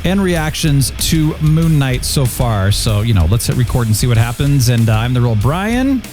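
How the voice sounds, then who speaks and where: A man hosting a casual review chat, upbeat and jokey, his pitch swinging up and down a lot. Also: sing-song, normal speed, darkish tone, soft background music. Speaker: podcast host.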